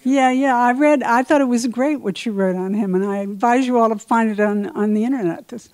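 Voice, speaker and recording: An older woman, an author at a book talk, telling lively stories in a Q&A and often repeating words as she goes. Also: on the high side, fairly quick. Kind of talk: anecdotal talk and Q&A.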